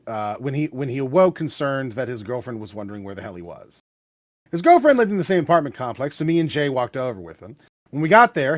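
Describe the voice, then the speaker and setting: A man reading a story aloud to friends, his pitch bouncing in a lively way as he stumbles through the text. The sound is close and dry, with no room to it. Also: dry recording.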